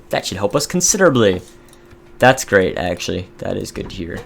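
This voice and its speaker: A young man giving casual, excitable commentary over a strategy game, reading game events aloud. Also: fairly low pitch, fairly quick, creaky, slight background noise. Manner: chatty, excitable, reads in-game text aloud. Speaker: gaming video host. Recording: faint music behind.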